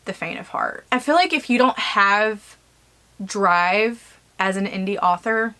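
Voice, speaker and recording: A woman's voice: mid-range voice, animated, a little slow, bright, forceful tone. Woman author talking straight to camera. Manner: frank, rambling, many fillers like "like". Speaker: self-published author. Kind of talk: candid vlog talk to camera. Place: home office, alone.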